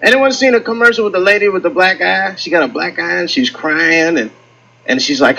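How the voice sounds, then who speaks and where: A man doing a stand-up comedy set on stage, telling stories with lively acted-out quotes. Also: sits high, a little fast, creaky, low-quality recording. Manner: animated storytelling with acted-out quotes. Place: comedy stage with live audience.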